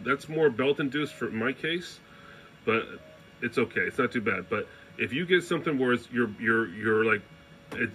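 Guy walking you through a printer fix, loose and chatty, keeps saying right?, mid pitch, bit of faint noise behind. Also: a bit bright, low-quality recording. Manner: informal, loose phrasing, demonstrates while explaining, checks in with "right?". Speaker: 3D printing hobbyist demonstrating. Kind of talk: casual hands-on tutorial.

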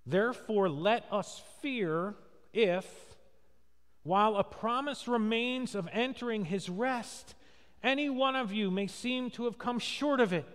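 In a church sanctuary, a male pastor preaches in a high, slightly bright voice without hurrying, acting out quotes in his stories and repeatedly putting rhetorical questions to the congregation. A long church-hall reverb trails his words.

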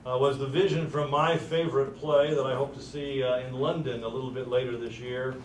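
A middle-aged man hosts a ceremony and tells a story, pausing often on "uh" in an easy manner. His voice sits in the middle range and sounds distant, with the echo of a large room around it. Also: mid-range voice, a little hiss or hum. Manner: many "uh" fillers, relaxed storytelling. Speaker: university president hosting a ceremony. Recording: roomy, distant from the mic.

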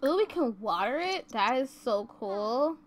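A woman's voice: fairly high pitch, big pitch swings, unhurried, noisy background. A woman giving casual, chatty let's-play commentary as she plays a life-simulation game, often exclaiming and giggling. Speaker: gaming YouTuber. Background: faint game music.

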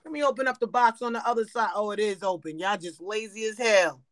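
Loud blunt woman hosting a live app room, swears a lot, dry close sound. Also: mid-range voice, fairly quick, hardly any pauses, dry recording. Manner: loud, brash, swearing, talks straight to the audience. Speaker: host of a live app show. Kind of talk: casual live-stream hosting.

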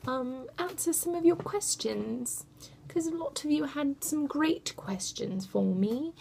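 Chatty woman with vocal fry. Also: high voice, expressive, a little slow, a little hiss or hum. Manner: chatty, self-deprecating, drops into soft whispers. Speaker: mother vlogger. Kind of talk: casual talk to camera.

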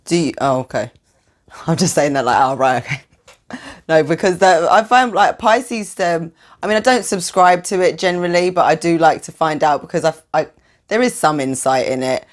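A woman's voice: deep voice, normal speed. A woman interviewing a guest, curious and thinking aloud with fillers. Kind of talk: casual interview questions.

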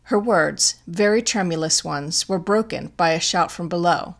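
Brief: audiobook narrator, woman, slightly low, deliberate storytelling. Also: gravelly. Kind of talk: scripted narration.

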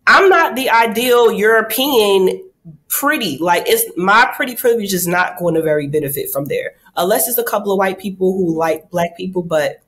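A woman hosting a casual talk show, telling lively stories with acted-out quotes and casual swearing. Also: mid-range voice. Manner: candid, animated storytelling with acted-out quotes. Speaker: host. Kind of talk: casual chat.

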